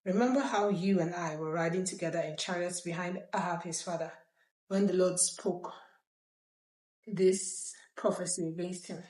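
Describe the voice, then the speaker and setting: A woman's voice: lowish voice, normal speed, darkish tone, lightly acted. Jehu, a woman reading as a ruthless warrior king. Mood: commanding. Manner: commanding, blunt. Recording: roomy echo.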